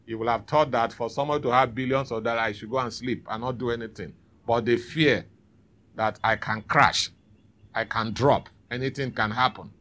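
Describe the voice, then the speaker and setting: A man's voice: medium pitch, fairly bright tone. A man preaching a sermon in church, calling out to the congregation for responses. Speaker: pastor.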